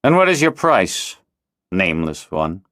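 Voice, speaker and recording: A haughty, suspicious dragonrider lord, put on by a male audiobook narrator. He speaks in a commanding, scornful way, raising his pitch and swinging his voice widely. The recording is dry and close. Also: very animated, moderate pace, no echo, close to an everyday voice.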